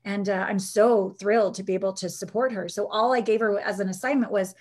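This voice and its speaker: A woman's voice: mid-range voice, fairly quick. A woman intimacy coach, telling stories as a guest in a conversational interview and acting out the lines of the people in them. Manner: animated storyteller, acts out quotes.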